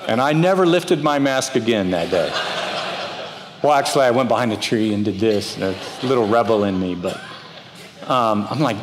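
Preaching with long pauses and an unhurried, expressive delivery, a middle-aged pastor tells stories and acts out the voices of their characters. His voice is medium-pitched, and the reverberant church hall carries slight background noise.

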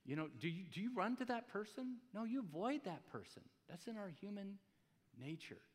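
A man's voice: high-pitched, sing-song, moderate pace. A man pastor giving a casual, joking sermon in a church, asking his congregation rhetorical questions. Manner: conversational, jokey preaching with rhetorical questions. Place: church hall. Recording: long hall reverb.

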